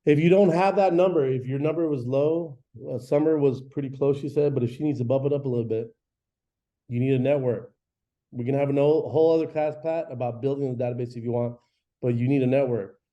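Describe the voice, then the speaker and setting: Dark-voiced man coaching a real estate class. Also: medium pitch, fairly quick. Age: 40s. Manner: energetic, chatty, acts out phone calls. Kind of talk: live training class talk. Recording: dull lo-fi recording.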